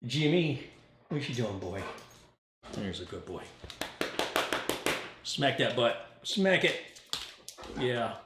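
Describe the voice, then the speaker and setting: A man's voice: lowish voice, slow, pauses often, a bit bright, echoey room, slight background noise. A man hosting a casual home vlog, recorded indoors on a studio microphone, who also talks to his dog in a sing-song voice. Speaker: tech channel host. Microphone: studio microphone on a stand.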